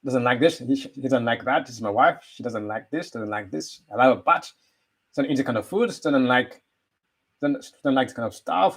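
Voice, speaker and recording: A man's voice: mid-range voice, a little mellow, slightly rough. A man giving a rambling motivational talk, full of rhetorical questions. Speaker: motivational speaker. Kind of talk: motivational monologue.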